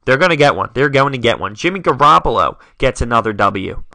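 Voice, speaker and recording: A man's voice: mid-range voice, expressive, fairly quick, vocal fry, pushed and bright, dry recording. A young man hosting a solo sports talk podcast, dramatic and self-mocking as he rattles off scores. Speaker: podcast host.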